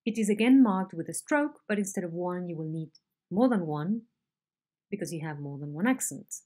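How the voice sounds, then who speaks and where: A woman teaching a phonetics lesson, explaining slowly and modelling intonation patterns on example sentences. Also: on the low side, animated, warm tone. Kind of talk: recorded online lecture.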